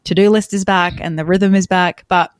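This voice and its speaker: A woman's voice: fairly low pitch, fairly even intonation, normal speed, no room sound. A woman in her thirties co-hosting a podcast, chatting candidly and teasing herself. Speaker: podcast co-host. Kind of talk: casual chat.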